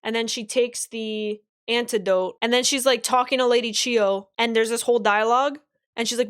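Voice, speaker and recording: Excitable young woman streamer chatting. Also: on the high side, moderate pace, smooth. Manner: animated, excitable, swears casually, reads chat aloud. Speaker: anime reaction streamer. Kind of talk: live-stream reaction chat.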